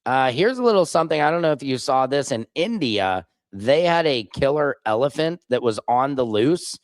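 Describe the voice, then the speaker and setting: Animated and moderately paced, this Missouri streamer's mid-range voice comes through with no room sound. He reads out viewer comments, fires back blunt, sarcastic answers, and reacts loudly to clips.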